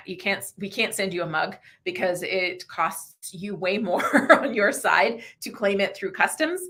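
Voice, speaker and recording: A woman hosting a casual livestream, chatty and quick to laugh, who answers viewer questions and reads passages aloud to show how to narrate. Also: medium pitch, gravelly, pushed and bright. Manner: chatty, laughs often, demonstrates slow audiobook reading. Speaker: livestream host.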